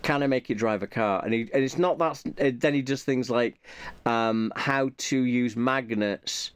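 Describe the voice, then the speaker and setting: A man's voice: medium pitch, normal speed, smooth, dry recording. A man talking casually and off the cuff, rambling and thinking aloud, often muttering repeated asides to himself. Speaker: YouTuber reviewing his subscriptions.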